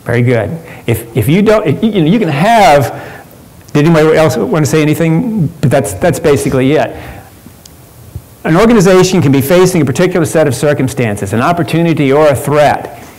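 A man's voice: on the high side, animated, brisk, darkish tone, poor audio. A man presenting a workshop at a professional conference, talking conversationally with frequent fillers and restarts.

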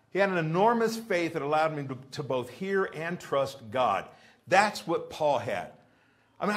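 Male pastor, sermon, lively swinging pitch, fairly high voice. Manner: animated, asks the congregation rhetorical questions; acts out pleading prayers in a raised voice. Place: church.

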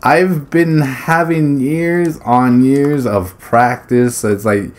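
A man giving loose, casual commentary while he plays a shooter, his voice at an ordinary middle pitch. He rambles from thought to thought, swears without a second thought and breaks into short laughs between phrases, throwing in sudden exclamations as the action picks up. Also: fairly even intonation, slow pace. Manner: blurts exclamations during play. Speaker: gaming YouTuber. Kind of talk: casual commentary over gameplay.

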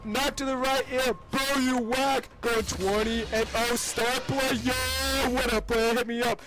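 A man putting on a loud, boastful hype-man voice for comedic gameplay commentary, full of slang and shouted brags. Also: extremely high pitch, fairly even intonation, unhurried, voice pushed up. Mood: hyped.

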